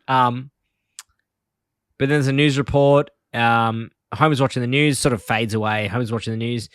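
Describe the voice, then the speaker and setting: A man's voice: medium pitch, steady tone, moderate pace, smooth, no room sound, studio quality. Man recapping scenes with laughs. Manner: retells scenes quoting lines, laughing often. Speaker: podcast co-host. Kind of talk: casual chat recapping an episode.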